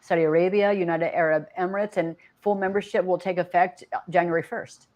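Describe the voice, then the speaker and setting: A woman's voice: fairly low pitch, fairly even intonation, brisk, darkish tone. A woman co-hosting a podcast in casual chat, earnest, listing facts and restarting sentences. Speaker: podcast co-host.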